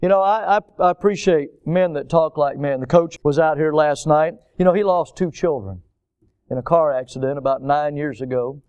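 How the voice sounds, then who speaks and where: Emphatic preacher man, smooth resonant voice. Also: fairly high pitch, moderate pace, a little mellow, highs cut off. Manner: emphatic, repeating words for stress. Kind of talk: sermon.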